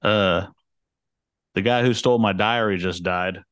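A man co-hosting a casual podcast, trading dad jokes and teasing his friend, quick to laugh. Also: sits low, noisy background. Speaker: podcast co-host.

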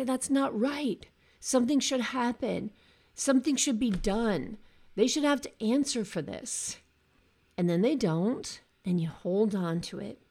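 A woman gives a motivational talk as a coach, earnest and direct. Her voice has a gravelly fry at the edges, at an ordinary mid pitch. She slips into her clients' words as she speaks. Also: a little mellow. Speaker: coach for cancer survivors.

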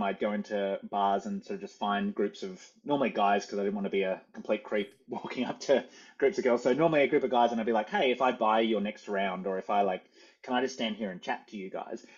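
Low, husky Australian man chatting. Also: darkish tone, dull audio. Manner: chatty, self-correcting, frequent "like" fillers. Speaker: guest. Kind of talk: casual interview conversation.

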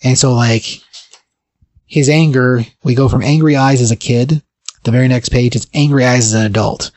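A man's voice: medium pitch, steady tone, a little fast, darkish tone, no echo. A man co-hosting a podcast, casually retelling a comic book's plot in a rambling way, full of fillers. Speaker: podcast co-host. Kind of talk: casual comic book recap.

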